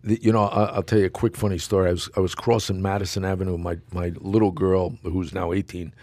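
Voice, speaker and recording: Middle-aged new guy on a podcast, kinda low voice, blunt, swears a lot, dry mic. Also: flat delivery, fast talker, a little mellow, dry recording. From New York. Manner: blunt, emphatic, swears, acts out quotes. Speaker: podcast guest. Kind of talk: casual chat.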